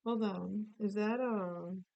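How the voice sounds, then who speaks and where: A woman's voice: medium pitch, steady tone, takes it slowly, vocal fry, warm tone, dry recording, muffled recording. A woman giving a casual tarot reading, playful and musing aloud with chatty asides. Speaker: tarot reader.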